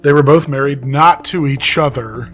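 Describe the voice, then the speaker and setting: A man's voice: medium pitch, normal speed, a bit bright, faint music behind. A man co-hosting a podcast, casually retelling a case with fillers and laughs. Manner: conversational storytelling with fillers and laughs. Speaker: podcast co-host. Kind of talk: casual chat.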